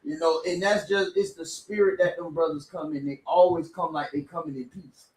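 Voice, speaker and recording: A man telling a story in casual chat, emphatic and preachy, sometimes rising to a shout. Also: fairly high pitch, fairly even intonation, moderate pace. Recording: echoey room, far from mic.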